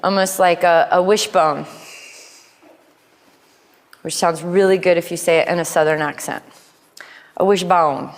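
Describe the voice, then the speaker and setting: A woman's voice: fairly low pitch, fairly even intonation. Playful woman teaching yoga, reverberant studio. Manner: playful, cueing poses with quick asides. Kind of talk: live yoga class instruction. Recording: long hall reverb in studio.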